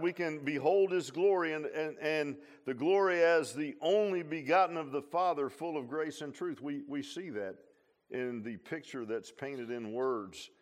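A man preaching a sermon. He swings between loud, emphatic lines and low, quiet asides, often repeating and restarting phrases.

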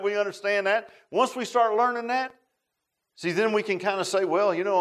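High-voiced folksy preacher. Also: male voice, fairly bright tone. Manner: folksy, conversational, asks the class questions. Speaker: Bible study teacher. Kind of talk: casual sermon.

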